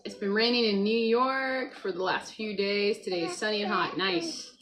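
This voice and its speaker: At home by a computer, a woman hosts a casual morning livestream, chatting with viewers, reading the chat aloud and talking to her child beside her. Her medium-pitched voice is fairly bright and moderately paced. The low-quality recording carries a little hiss or hum.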